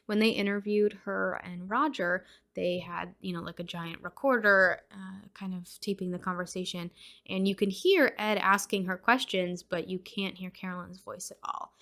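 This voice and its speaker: A woman talks through a horror film scene by scene in a relaxed, chatty podcast recap. Her pitch sits in an ordinary middle range, and her delivery is loose and conversational, full of little fillers. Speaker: podcast host. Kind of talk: casual movie recap.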